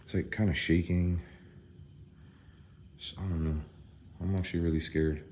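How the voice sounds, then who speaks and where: A man with a fairly low voice gives casual vlog commentary while walking his farm property. He talks in a loose, thinking-out-loud way with an undercurrent of worry. Faint outdoor ambience sits behind him. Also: steady tone, normal speed, a little hiss or hum. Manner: chatty and worried, thinking out loud. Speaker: vlogger.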